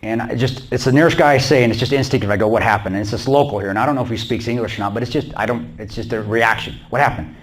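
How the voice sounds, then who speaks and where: As a guest speaker at a small church, a man bluntly and plainly recounts a combat story to the audience. He talks very fast in a medium-pitched voice with hardly any pauses, over a slight hiss or hum.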